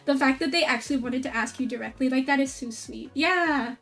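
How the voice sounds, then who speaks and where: High-voiced excitable woman streamer. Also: normal speed, few pauses, far from the mic, soft background music. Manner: excitable, rambling, heavy use of filler "like". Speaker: VTuber streamer. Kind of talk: casual stream chat recap.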